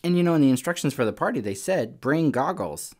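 A young man teaching a children's Sunday school lesson, telling a story in a casual, lively way. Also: on the high side, racing. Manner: casual, storytelling to kids, animated.

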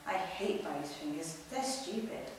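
A woman voicing a grumpy, sulky male puffer fish in a children's storybook reading, speaking quietly and mopily. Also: sits low, expressive, normal speed, noisy background. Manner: quiet, mopey. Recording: echoey room, distant mic.

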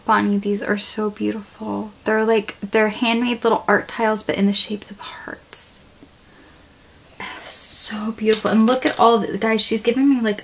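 A woman in her thirties unboxing a craft package at home, gushing with gasps and breathless exclamations. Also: medium pitch. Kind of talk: excited unboxing chat. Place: home room.

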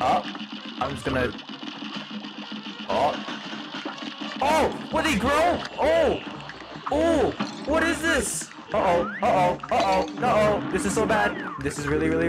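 A man playing a demon hedgehog doing let's-play commentary, panicky and yelping, over loud game music. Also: high-pitched, animated, normal speed, pauses often, rough recording. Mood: frantic. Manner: panicky, yelps and repeats himself. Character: psychotic demon hedgehog, male, gaming. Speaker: gamer.

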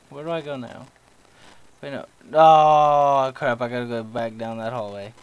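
A young man talks his way through a horror game in loose, joking asides. He yelps and swears mildly whenever something startles him. His voice sits at an everyday male pitch. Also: steady tone, measured pace, clean tone, low-quality recording. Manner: jumpy, yelps when startled, jokey self-talk. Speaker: gameplay commentator. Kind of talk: horror game let's play commentary.

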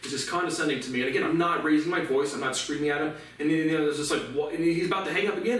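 A man's voice: on the high side, racing, few pauses, fairly bright tone. Indignant profane man, echoey and distant. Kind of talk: angry ranting monologue to camera. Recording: echoey room, voice far from mic, faint noise.

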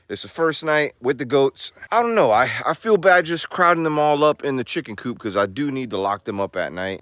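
A man's voice: fairly high pitch, fairly bright tone, dry recording, studio quality. A man hosting his vlog outdoors on a small farm, chatting casually to camera and cooing baby talk at the animals. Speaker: vlog host.

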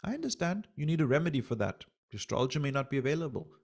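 Male astrology teacher, slightly high voice, animated lecturing that acts out little quoted exchanges. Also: very fast, gravelly.

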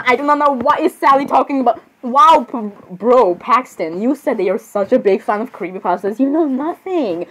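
This is a woman reacting to drawings in a casual commentary. Her voice sits a touch high and leaps up and down with a very lively melody. She is excitable and giggly, and she keeps breaking into exclamations. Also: moderate pace, few pauses, breathy edge, poor audio. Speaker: video creator reacting to drawings.

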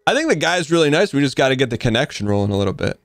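A man's voice: medium pitch, big pitch swings, no echo, studio quality. A young man hosting a stream, casually chatting and joking while he interviews a player over game voice chat. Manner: friendly, joking, asks quick questions. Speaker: streamer host.

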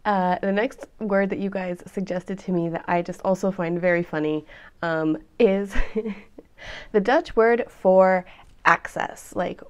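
A woman's voice: fairly low pitch, fairly even intonation, slow, clean tone. A woman, hosting a vlog and chatting to viewers between giggles. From United States. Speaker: vlog host. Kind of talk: casual chat to camera.

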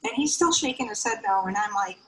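A woman in her fifties telling a personal story on stage, emotional and heartfelt, her voice often jumping high. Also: lively intonation, fairly quick, fairly bright tone, rough recording. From United States. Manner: emotional, heartfelt, with sudden high pitch lifts.

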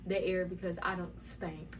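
A woman's voice: lowish voice, little pitch movement, normal speed, background noise. A young woman vlogging in a chatty, casual way, retelling what happened and quoting herself as she goes. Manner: chatty, retells moments with "I'm like" quotes. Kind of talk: casual storytelling vlog.

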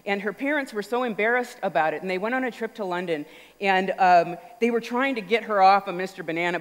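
A woman speaks at a mid pitch in an animated, storytelling stage talk, acting out little voices as she goes. Her voice carries through a large auditorium with a long, ringing reverb. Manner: animated, acts out voices and sounds.

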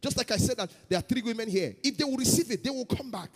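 A man preaching a sermon as pastor, shifting between loud chanted prayer and quiet storytelling. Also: very high voice, lively intonation, fast talker, husky, long reverb tail. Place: church hall.

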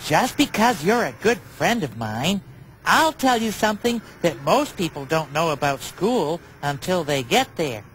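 Big Bird, a childlike bird. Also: male voice, on the high side, sing-song, a little slow, a bit bright, slight background noise, rough recording. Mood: earnest. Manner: earnest, childlike, sing-song. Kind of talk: children's TV chat to camera.

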